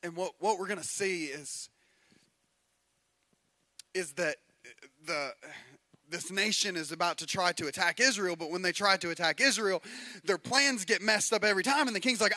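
A male pastor preaching a sermon, retelling a story with acted-out voices, swinging from hushed lines to shouts. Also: high-pitched, normal speed. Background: guitar music.

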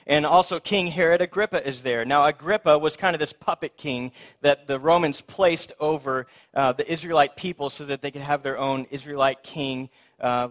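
A man's voice: mid-range voice, fairly bright tone. A man preaching a conversational sermon as pastor at a church service, retelling a story in a casual, plainspoken way.

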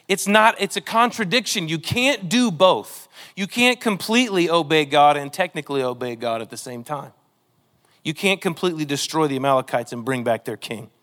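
High-voiced animated male pastor. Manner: animated, acts out quotes in character voices. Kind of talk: sermon. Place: church.

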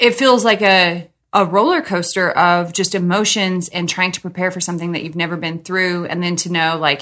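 Bright-voiced woman hosting a candid chat. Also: lowish voice. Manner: open, emotional, talks in quick bursts. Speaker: podcast host. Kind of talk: casual chat.

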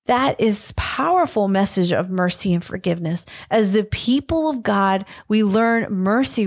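A woman's voice: medium pitch, darkish tone, no room sound, clean studio sound. Earnest woman teaching scripture. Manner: earnest, retells scripture in plain words with fillers. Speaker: podcast co-host teaching on scripture. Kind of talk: devotional Bible teaching.

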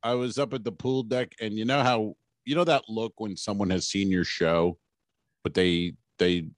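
A man's voice: fairly low pitch, steady tone, moderate pace, dry recording. A man co-hosting a comedy podcast, telling a story bluntly and laughing at himself. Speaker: podcast co-host. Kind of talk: casual comedy banter.

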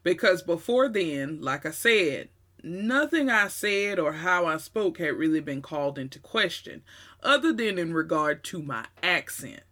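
A woman's voice: lowish voice, expressive, a little slow, a bit bright. A woman with a Southern US accent telling a personal story in a conversational way, with emphatic asides. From Southern United States.

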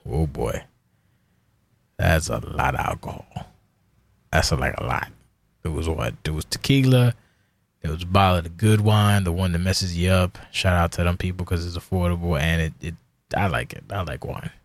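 A man's voice: sits low, moderate pace, creaky, no echo. A man in his forties hosting a casual solo podcast, rambling and profane, self-deprecating about himself. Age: 40s. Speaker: podcast host.

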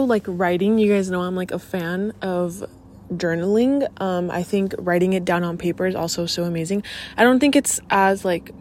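A young woman in her late teens hosting a casual podcast, chatty and excitable, full of fillers and casual swearing. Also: on the low side, a little hiss or hum. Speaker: podcast host. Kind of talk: casual chat.

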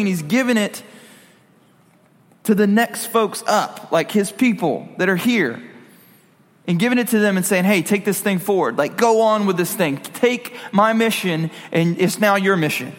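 A man with a high voice gives a relaxed, conversational sermon, tossing in jokes and asking his listeners questions. His voice rings out with the long reverb of a hall. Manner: conversational, jokey asides to the audience. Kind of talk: casual sermon.

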